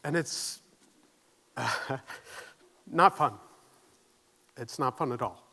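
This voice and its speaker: A man's voice: mid-range voice, drawn-out words, bright, forceful tone. A man giving a conference keynote, nervous but earnest, asking the audience questions and joking at his own expense. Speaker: keynote speaker. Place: conference stage.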